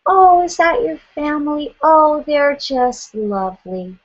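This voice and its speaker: A woman imitating an overly sweet, gushing woman who talks softly and raves about everything. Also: sits high, big pitch swings, takes it slowly, muffled recording, pitched above the performer's own voice, heavily acted. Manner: soft, gushing.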